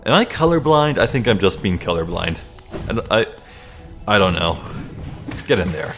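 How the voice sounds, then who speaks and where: A man's voice: on the low side, big pitch swings, moderate pace, a bit bright. A young man giving casual, chatty gameplay commentary, thinking aloud and poking fun at himself. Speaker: let's play host. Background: faint game music.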